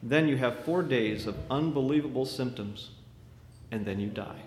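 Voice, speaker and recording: A man preaching a sermon, telling a vivid story with dramatic swings from loud to hushed. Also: mid-range voice, moderate pace. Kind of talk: sermon illustration. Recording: echoey hall with faint noise.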